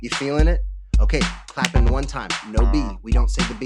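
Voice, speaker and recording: A man's voice: medium pitch, a little fast. A man leading a kids' music lesson, singing, clapping and talking to the children in a playful way. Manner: animated, playful, sings and claps along. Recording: loud music behind.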